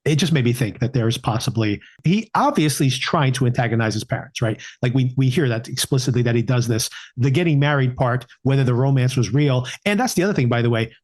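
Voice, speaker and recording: A man co-hosting a film podcast, often stumbling and restarting his sentences as he works out his point. He breaks into quoted mock dialogue for the characters, and his voice sits at an ordinary middle pitch. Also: lively intonation, quick pace, few pauses, a little mellow. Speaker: podcast co-host. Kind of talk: casual film discussion.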